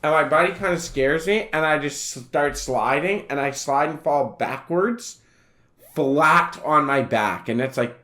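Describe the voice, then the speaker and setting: A man's voice: a little high, a little slow, pushed and bright. A man co-hosting a podcast in casual chat, laid-back and often laughing. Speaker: podcast co-host. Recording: roomy echo.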